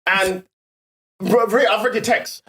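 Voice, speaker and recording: A British man, a comedian co-hosting a podcast, telling lively stories on stage life and acting out the voices of people in them. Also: sits high, unhurried, background noise. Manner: animated, laughing, acts out voices in anecdotes. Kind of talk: casual storytelling chat.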